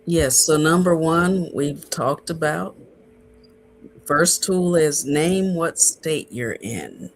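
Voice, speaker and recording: Calm man coaching on relationships. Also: fairly high pitch, slow pace. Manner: calm, instructive, lists steps. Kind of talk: podcast conversation, explaining tools.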